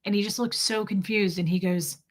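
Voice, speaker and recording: A woman's voice: mid-range voice, steady tone, brisk. A young woman hosting a livestream, casually telling a personal story and breaking off to answer chat comments. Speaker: livestream host.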